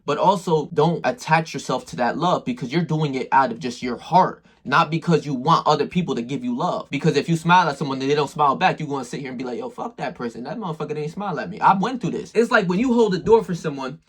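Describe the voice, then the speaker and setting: A man's voice: a little high, quick pace, hardly any pauses, husky. A man talking straight to the viewer in a casual motivational monologue, full of slang and swearing. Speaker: self-improvement video maker.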